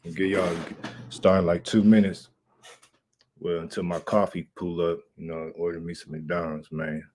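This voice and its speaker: Deep-voiced laid-back male livestream host. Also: level tone, moderate pace, darkish tone. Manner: laid-back, rambling, slangy. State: out of breath. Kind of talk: casual livestream chat.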